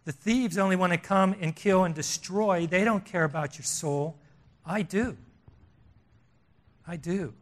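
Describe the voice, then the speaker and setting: Emphatic, higher-voiced older preacher. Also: male voice, moderate pace, hardly any pauses. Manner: emphatic, repetitive, swings between loud and hushed. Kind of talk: sermon.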